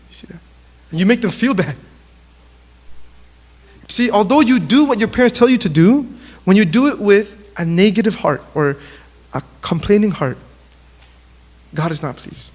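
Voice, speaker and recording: A man giving a sermon to young people, telling animated stories and acting out little exchanges. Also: sits high, normal speed, long pauses. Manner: animated storytelling, acts out quotes. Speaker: youth speaker. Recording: long hall reverb.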